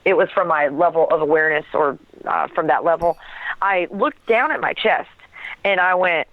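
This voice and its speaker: A woman's voice: medium pitch, brisk, dry recording. Woman telling her story over a phone line. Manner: animated storytelling with laughs and acted quotes. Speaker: guest.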